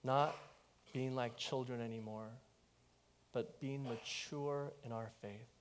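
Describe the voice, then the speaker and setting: A man preaching a sermon as pastor, telling a personal story in an animated way and talking straight to the congregation. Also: mid-range voice. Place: church.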